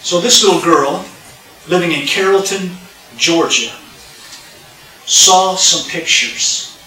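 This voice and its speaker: A preacher tells a story in his sermon, acting out its voices and calling out to the congregation. His voice is bright and forceful, a touch high for a man. It rings through a roomy church, picked up from a distance. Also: slow pace. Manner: animated, acts out dialogue, addresses congregation. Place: church sanctuary. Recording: roomy sound from a distant mic.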